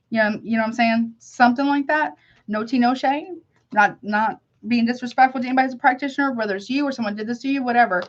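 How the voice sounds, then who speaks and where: A woman's voice: on the high side, fairly quick. Casual slangy woman tarot reader. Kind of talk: live tarot reading chat. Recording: slightly dull lo-fi audio.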